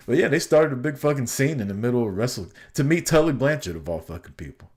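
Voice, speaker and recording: A man co-hosting a casual podcast, telling a story full of swearing and animated retellings. His voice sits in a middle pitch. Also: a little fast. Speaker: podcast co-host.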